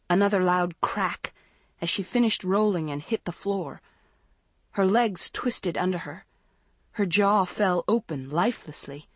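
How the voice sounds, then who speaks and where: A woman narrating a storybook in a measured, dramatic way. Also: fairly low pitch, no echo. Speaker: audiobook narrator.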